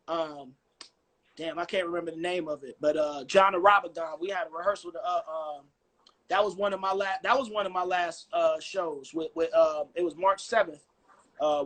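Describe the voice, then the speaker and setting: A man from Chicago talking on a video call in a casual, animated, joking way and swearing freely. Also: high voice. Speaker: guest musician.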